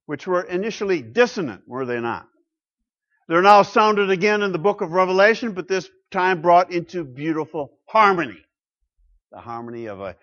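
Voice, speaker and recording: Preaching man, lo-fi, dramatic swings. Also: high voice. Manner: rhetorical questions, swings from loud to hushed. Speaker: pastor. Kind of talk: sermon. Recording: muffled lo-fi sound.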